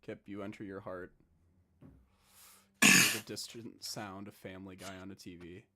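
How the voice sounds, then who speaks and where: A man narrating as dungeon master, often dropping into a hushed, slow-building delivery. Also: deep voice, flat delivery. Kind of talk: narrating a tabletop game.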